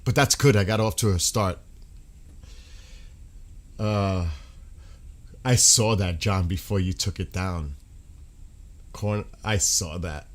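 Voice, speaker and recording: A man's voice: low voice, takes it slowly, long pauses. Giggly man rambling on a live stream. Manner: laughing, rambling, breaks into sung snippets. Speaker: livestream host. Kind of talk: casual live-stream chat.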